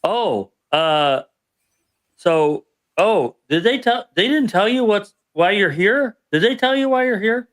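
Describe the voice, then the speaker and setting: A man's voice: mid-range voice, takes it slowly, fairly bright tone, clear, resonant tone. A man putting on a flustered female army sergeant. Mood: flustered apologetic. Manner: stammering and apologetic.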